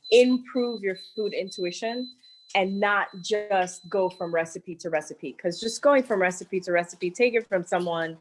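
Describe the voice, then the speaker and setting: A woman's voice: medium pitch, a little slow, slight background noise, poor audio. A woman co-hosting a cooking show, talking casually and with enthusiasm about food. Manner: enthusiastic, expressive. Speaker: co-host.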